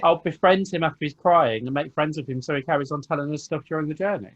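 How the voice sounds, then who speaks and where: A man playing a tabletop game, chatting casually in an animated, jokey way. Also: a little high, fast talker, dull audio. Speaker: player.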